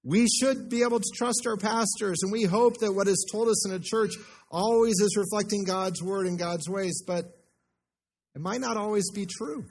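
A man's voice: high voice, normal speed, a little mellow. An American man, a pastor, preaching a sermon in a church, speaking conversationally and putting questions to the congregation. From United States.

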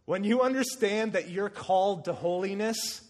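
A man preaching a sermon, telling stories with animation and acting out quotes with sudden shouts. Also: sits high, normal speed. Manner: animated storytelling, acts out quotes with loud shouts.

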